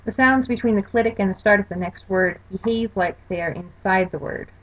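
A woman's voice: medium pitch, brisk. Woman lecturing over slides, lo-fi. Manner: explanatory, careful spelling-out of examples. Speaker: language course lecturer. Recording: dull lo-fi recording.

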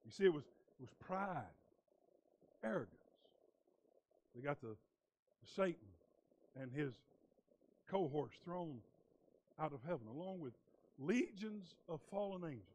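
A male pastor giving a sermon, moving between quiet, low reading and loud, emphatic preaching, repeating words for emphasis. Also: lively intonation, unhurried, pauses often, slight background noise, low-quality recording. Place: church sanctuary.

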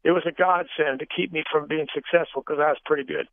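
An older man recounts his life story in loose, casual speech, stumbling and restarting as he goes. His voice sits a little high. It comes through a dry, tinny phone line with no room sound at all. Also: fairly even intonation, quick pace, vocal fry, no echo. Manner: rambling with many fillers and restarts. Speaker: guest speaker on a Christian radio show.

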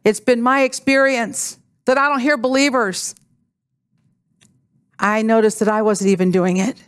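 A woman associate pastor preaching a sermon, praying, reading scripture and telling a personal story with lively acted-out dialogue. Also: a little high, unhurried, clean tone. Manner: animated storytelling, acting out dialogue. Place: church sanctuary.

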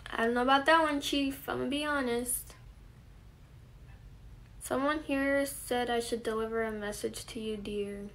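A 21-year-old woman hosting a casual live stream, reading viewer comments aloud and answering them in a relaxed way. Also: a little high, normal speed. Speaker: livestream host. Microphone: phone camera.

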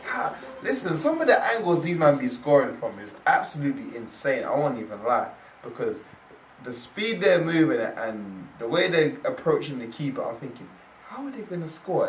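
A young man hosting a casual reaction video, excitable and exclaiming in slang, recorded in a roomy space away from the mic. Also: mid-range voice, a little fast, slight background noise. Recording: roomy echo, distant from mic.

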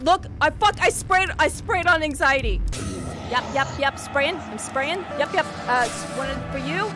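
A young woman VTuber streamer giving excitable, swearing gameplay commentary, shrieking at scares. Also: high voice, moderate pace, over music.

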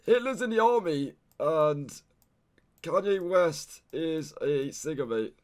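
A young man with a slightly high, expressive voice speaks at a slow pace. He's frustrated and swearing while casually commentating on a guessing game during a live stream, and he says "mate" at the end of almost everything.

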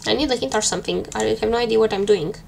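A woman's voice: a little high, rapid-fire, gravelly, darkish tone, slight background noise. Chatty woman joking through a game. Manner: joking, chatty, flustered muttering. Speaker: game streamer. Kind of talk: casual let's-play commentary.

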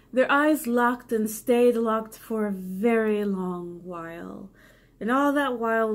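A tipsy woman reading her own old story aloud, breaking off for rambling, self-mocking commentary. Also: medium pitch. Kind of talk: casual comic read-aloud with asides.

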